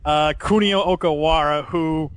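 Upbeat higher-voiced male podcast host. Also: a little slow, slight background noise. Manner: animated, laughs often while retelling. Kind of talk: casual podcast discussion.

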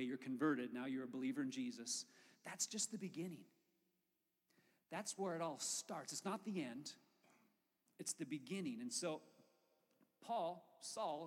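Man preaching in a reverberant hall. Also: medium pitch. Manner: conversational, animated preaching with asides to the congregation. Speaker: pastor. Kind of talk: sermon.

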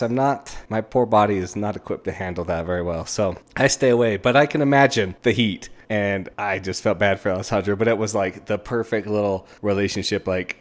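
A man with a fairly low voice talks through a book on his podcast in a loose, rambling way. He gets animated and keeps slipping into the characters' lines as he recaps them. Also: a little fast. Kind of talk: casual solo book review.

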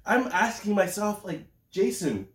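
A young man co-hosting a casual podcast, reviewing a movie he hated with animated, exasperated ranting and laughter. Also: high-pitched, fairly quick. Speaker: podcast co-host. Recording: echoey room.

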